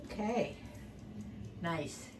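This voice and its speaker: Woman, 80s, warm homey cook talking viewers through each step, slightly low register, home kitchen. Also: lively intonation, extremely slow, soft background music. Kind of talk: casual cooking demonstration.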